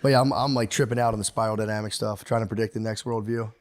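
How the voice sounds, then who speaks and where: A man's voice: lowish voice, fairly even intonation, fast talker, slight background noise. A man co-hosting a podcast in casual chat, loose and profane, often dropping into goofy quoted voices. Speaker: podcast co-host.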